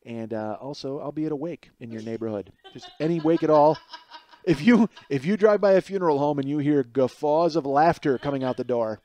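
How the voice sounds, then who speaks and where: A man in his forties hosting his own podcast, telling a rambling comic story that climbs higher and louder as he gets worked up. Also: brisk. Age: 40s. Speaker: podcast host. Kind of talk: casual comedic monologue.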